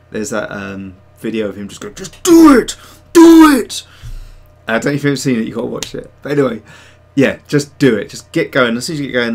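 A man hosting a casual livestream and chatting with viewers. He rambles, restarts his sentences and leans on fillers. His voice sits at a middling pitch. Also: vocal fry. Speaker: livestream host and digital sculptor.

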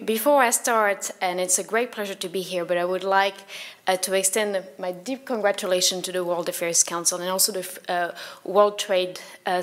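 Woman giving a formal welcome speech. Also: on the low side. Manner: formal, halting with fillers. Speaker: mayor's office representative.

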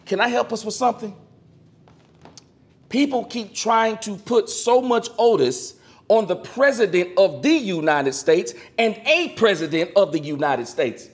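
A man, a minister, preaching a sermon to his congregation and calling out for amens, swinging from loud exclamations down to quiet asides. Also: sits high. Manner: calls for amen from the congregation.

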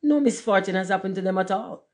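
A woman's voice: medium pitch, quick pace, darkish tone, pitched above the performer's own voice, lightly acted. A woman voicing a blunt, sensible Roman candle firework in a storybook reading, matter-of-fact.

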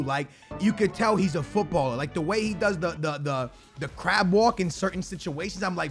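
A young man hosting a gaming video, talking through his match in slangy, rambling commentary and breaking into excited shouts on goals. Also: high voice, normal speed, few pauses, soft background music. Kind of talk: live gameplay commentary.

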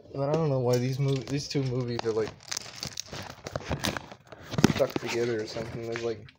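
A young man rambles casually through the shelves in his home, sounding unsure and tossing out offhand asides. His voice sits in the mid range, and there's noise in the background. He's a vlogger.

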